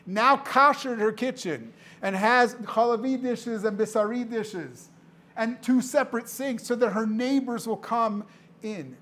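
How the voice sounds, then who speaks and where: Against slight background noise, a high-pitched man with a fairly bright tone tells a story to a live indoor audience. He directs a charity and is the guest speaker, and his delivery is dramatic and emphatic, with deliberate repetition.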